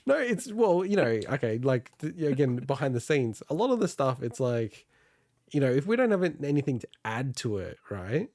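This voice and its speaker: A man chats on a gaming podcast, laughing between his points and often starting over mid-sentence. His voice sits at an ordinary pitch. The sound is close and dry. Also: big pitch swings, moderate pace, darkish tone, no room sound. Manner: laughs often, rambling with restarts. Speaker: podcast co-host. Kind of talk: casual chat.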